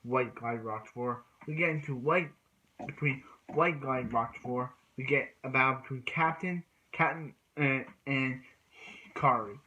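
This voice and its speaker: Bright-voiced man stumbling through a recap. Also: mid-range voice, lo-fi sound. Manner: halting, frequent restarts and repeated phrases. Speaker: episode reviewer. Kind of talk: casual episode recap.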